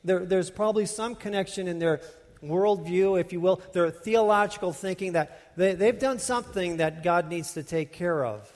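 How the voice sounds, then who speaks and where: A man's voice: high voice, moderate pace, a little mellow, in a large hall. A man preaching a sermon, teaching in a conversational way with frequent restarts and repeated words. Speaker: pastor.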